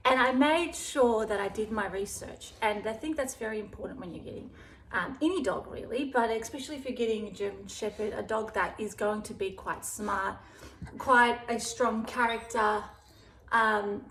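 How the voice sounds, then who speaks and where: A woman's voice: a little high, a bit bright. A woman with an Australian accent, chatting casually in a rambling way as a dog vlogger. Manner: rambling, chatty, breaks off to talk to her dog. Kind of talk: casual vlog chat. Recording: echoey room, faint background hiss.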